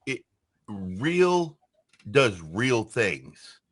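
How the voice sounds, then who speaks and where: A man's voice: on the low side, very animated, drawn-out words, a bit bright. A man co-hosting a podcast in casual chat, emphatic and prone to repeating phrases and saying "dude". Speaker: podcast co-host.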